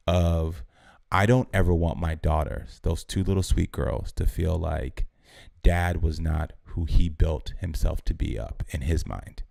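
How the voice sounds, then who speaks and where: An American man in his thirties, a podcast guest giving sincere, measured advice. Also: low voice, vocal fry, darkish tone, no room sound, clean studio sound. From United States. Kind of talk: earnest advice in conversation.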